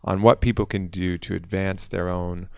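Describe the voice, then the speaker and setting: A man hosting a podcast, chatting casually and steering his guest with relaxed, joking questions. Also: low-pitched, moderate pace, creaky, dry recording, studio quality. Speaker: podcast host. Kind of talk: casual interview chat.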